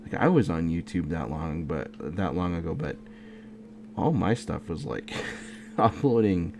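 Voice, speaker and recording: In a casual late-night drawing chat, the creator talks half to himself at his home art setup, sleepy, yawning and rambling in a relaxed mutter. His deep voice is gravelly and a little slow, and noticeable background noise runs through the recording.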